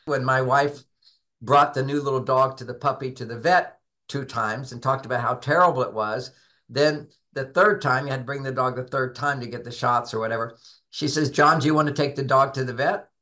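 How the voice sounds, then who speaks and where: A man's voice: medium pitch, brisk, bright, forceful tone. A man who writes about relationships, giving emphatic advice and acting out both sides of little dialogues with his spouse. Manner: emphatic, instructive. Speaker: relationship author and guest. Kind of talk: conversational advice talk.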